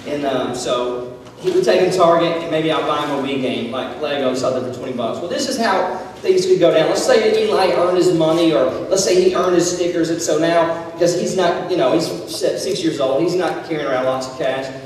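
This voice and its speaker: A man in his thirties telling a humorous family story with a lesson to high school students, poking fun at himself and acting out dialogue. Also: brisk, a little mellow, slight background noise. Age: 30s. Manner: self-deprecating humor, acts out dialogue. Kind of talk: casual storytelling talk with a life lesson. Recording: echoey hall, voice from far off.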